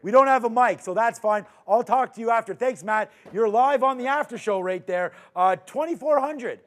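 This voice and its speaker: A man with a high, bright voice hosts a live markets show. He runs through energetic, loud shout-outs and banter with his co-host. His delivery is lively and upbeat. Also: moderate pace.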